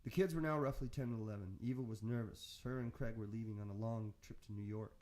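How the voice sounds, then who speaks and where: A man on a radio show reading the end of a story in a slow, reflective, spiritual tone. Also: lowish voice, mellow. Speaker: radio host finishing the story. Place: radio studio.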